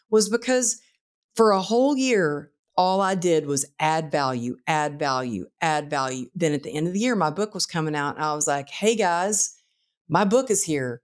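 A woman guest author telling a personal story in casual conversation, animated and acting out the voices of people in it. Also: low voice. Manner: animated, acts out quotes in the story.

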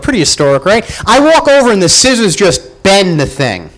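A man telling a comic personal story live at a pub show, animated and self-mocking, acting out the voices he quotes. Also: sits high, a little fast, hardly any pauses, slight background noise, rough recording. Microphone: far camera.

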